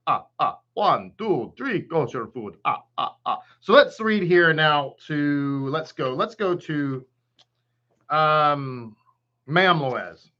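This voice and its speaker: This Texan-accented rabbi speaks slowly in a fairly high, bright, forceful voice with lively intonation, though the recording cuts off the highs. Teaching an informal online Torah class, he talks chattily, welcomes viewers by name, and fills gaps with hums and laughter.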